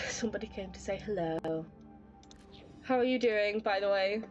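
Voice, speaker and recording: Music runs in the background as a woman of medium pitch, talking at normal speed, provides live gameplay commentary on her stream. She chats with her audience, reacts expressively to the story aloud, and at times uses baby talk with her pet.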